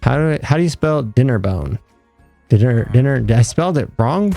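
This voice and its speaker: Gravelly-voiced young male streamer. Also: mid-range voice, animated, normal speed, dark tone, soft background music. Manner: rambling, joking with chat, self-mocking. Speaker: livestreamer. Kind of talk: casual live gameplay chat.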